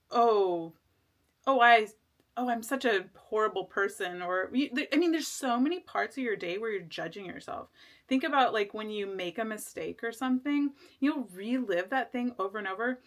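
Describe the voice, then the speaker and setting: A woman's voice: medium pitch, lively intonation, normal speed, fairly bright tone. A woman giving a casual tarot reading, rambling with lots of fillers and restarts, earnest and reassuring. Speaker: tarot reader.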